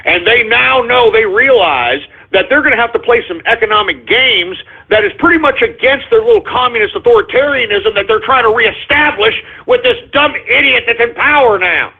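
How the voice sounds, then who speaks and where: Ranting high-voiced man on a tinny line. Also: expressive, normal speed, few pauses, husky. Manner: angry, profane, ranting, says "folks" often. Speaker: radio show host. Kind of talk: political talk radio rant. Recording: tinny phone-line audio.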